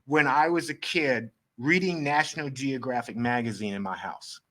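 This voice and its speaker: Animated storytelling man, middle-aged. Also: medium pitch, moderate pace. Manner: animated, acts out quoted dialogue. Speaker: photographer guest. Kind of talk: storytelling interview.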